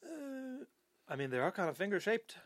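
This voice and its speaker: A man's voice: high-pitched, big pitch swings, normal speed, dry recording, clean studio sound. A man hosting a podcast, chatting casually in a playful, teasing way. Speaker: podcast host.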